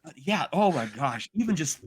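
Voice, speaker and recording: A man co-hosting a podcast in casual, animated chat, exaggerating and slipping into mock voices. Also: a little high, moderate pace, breathy edge. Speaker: podcast co-host.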